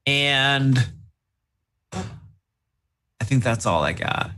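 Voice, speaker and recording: A man playing a tabletop game, lively and hamming up his character's taunts. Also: mid-range voice, extremely slow, music in the background. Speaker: player.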